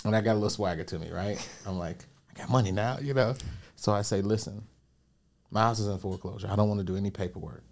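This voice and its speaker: This podcast guest, a business coach, talks fast in a fairly low voice. He's animated as he recounts a personal story and gives motivational advice, voicing the people he quotes.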